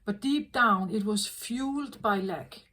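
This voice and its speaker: A woman tarot reader talking in a slow, earnest, reflective way, often repeating herself as she works through a thought. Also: medium pitch, sharp tone, poor audio. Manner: slow, repetitive, earnest, self-correcting. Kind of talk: reflective spoken reading.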